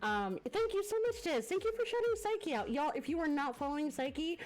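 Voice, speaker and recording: A woman's voice: sits high, lively intonation, brisk, a little mellow. Congested, gushing female streamer. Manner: effusive, gushing thanks to viewers with many fillers. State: congested from a lingering cough. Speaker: variety streamer hosting a guest. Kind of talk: casual live-stream chat. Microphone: desk microphone.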